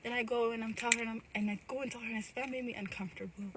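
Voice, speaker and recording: A woman's voice: on the high side, steady tone, very fast, noisy background. A woman telling a personal story straight to her phone camera in an emphatic, direct way. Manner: emphatic, addresses viewers directly.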